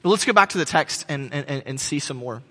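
Bright, high-voiced man preaching in a hall. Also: expressive, fast. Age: 30s. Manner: joking storyteller, many fillers and restarts. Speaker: pastor. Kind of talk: sermon. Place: church hall. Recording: long hall reverb.

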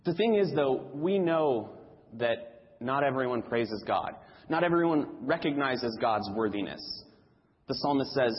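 A man's voice: mid-range voice, lively intonation, normal speed, big-room sound, muffled recording. A man preaching a sermon in a church, emphatic and repeating key phrases for stress.

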